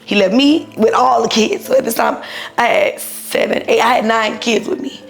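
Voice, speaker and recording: A woman in her thirties tells a story in a blunt, profane, animated way, voicing each person she quotes. Her voice sits a little high and has a gravelly, fried edge. Faint music plays behind her. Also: normal speed. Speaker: guest telling her own story. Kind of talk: casual storytelling.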